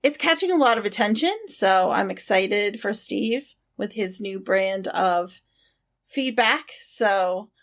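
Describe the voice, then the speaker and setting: A woman's voice: mid-range voice, animated, takes it slowly. A woman co-hosting a casual podcast, talking in a reassuring way and often repeating herself for emphasis. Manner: warm and reassuring, emphatic repetition. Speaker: podcast co-host.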